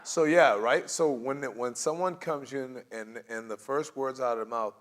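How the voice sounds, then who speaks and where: A man's voice: mid-range voice, moderate pace. A man leading a church class on conflict, speaking in a loose, conversational way. He keeps slipping into quoted voices and laughing as he makes his points. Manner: animated, acts out quoted voices, laughs often. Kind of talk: conversational teaching.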